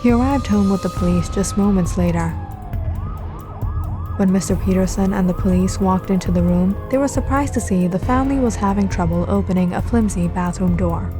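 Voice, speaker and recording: A woman reads a spooky story in a steady, measured mid voice. Loud background music plays under the narration throughout. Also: mid-range voice. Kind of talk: scripted horror story narration.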